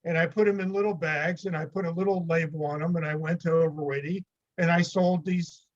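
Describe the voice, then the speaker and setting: A man's voice: a little high, fairly even intonation, fairly quick, highs cut off. An older man from the United States, a podcast guest, telling rambling anecdotes with chuckles in a casual interview.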